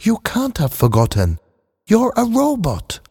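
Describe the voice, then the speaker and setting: A man's voice: wildly swooping pitch, unhurried, gravelly, darkish tone, slightly rough, exaggerated voice. An anxious, pleading woman, as a male storyteller puts her on. His voice climbs far up and swings widely. The reading rings with long reverb. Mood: worried. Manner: anxious, pleading, high-pitched. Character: woman, worried and pleading human friend.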